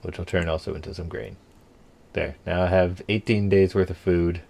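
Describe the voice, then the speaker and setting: Low-voiced canadian guy narrating his game run, kinda mumbly, thinking out loud. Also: steady tone, moderate pace, creaky. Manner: thinks aloud, muttering half to himself. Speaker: gameplay streamer. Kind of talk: casual let's-play commentary.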